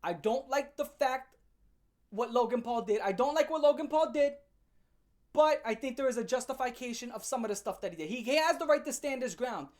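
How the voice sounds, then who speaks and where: A woman's voice: fairly high pitch, lively intonation, a little mellow. Brief: female commentary host, brash profane rant, slangy and blunt. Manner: blunt, fast-shifting, heavy swearing and slang.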